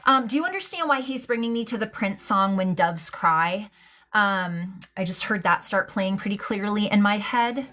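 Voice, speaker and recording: A woman's voice: medium pitch, expressive, normal speed, sharp tone. A woman giving a live-streamed mediumship reading, affectionate and hesitant, full of ums and likes. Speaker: psychic medium.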